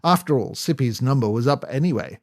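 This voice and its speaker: A man's voice: medium pitch, lively intonation, fairly quick, a little mellow. A man narrating a comic novel in a breezy, jaunty first-person manner. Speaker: audiobook narrator.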